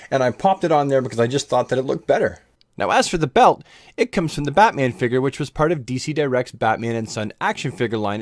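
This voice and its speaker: Upbeat man hosting a toy showcase, slightly high voice that bounces up and down a lot. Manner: chatty, upbeat and pun-loving. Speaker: toy collector reviewing custom action figures. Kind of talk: enthusiastic toy showcase narration.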